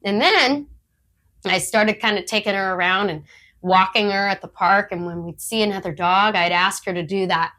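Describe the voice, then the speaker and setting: This woman, a podcast co-host and disc dog trainer, tells casual training stories and laughs often, quoting what her dog must be thinking. Her voice is mid-range and sharp in tone. She talks at a moderate pace.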